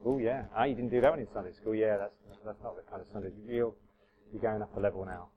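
A man's voice: fairly low pitch, steady tone, fast talker, phone-quality sound. A man giving an informal sermon, chatty and self-correcting, with wry asides to the congregation. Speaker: preacher. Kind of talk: informal sermon with audience interaction.

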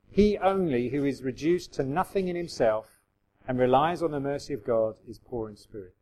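A man's voice: mid-range voice, dark tone, rough recording. A middle-aged man preaching a sermon in a conversational way, acting out quoted voices with self-deprecating humour. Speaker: pastor.

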